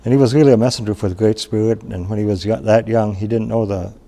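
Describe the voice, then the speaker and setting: Gravelly low-voiced male storyteller. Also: fairly even intonation, warm tone. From Wisconsin. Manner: unhurried, plain-spoken, with pauses and restarts. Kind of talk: traditional oral storytelling.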